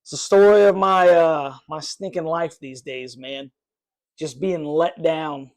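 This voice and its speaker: Male fan host, live reaction stream, frustrated and rambling, voice slightly high. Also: fairly even intonation, a little slow. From North Carolina. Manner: frustrated, rambling, many fillers and sighs. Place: his room.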